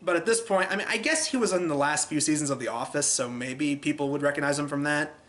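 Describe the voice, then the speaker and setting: A man's voice: on the high side, fast, a bit bright. A man hosting a casual film review, chatty and exasperated, acting out scenes as he goes.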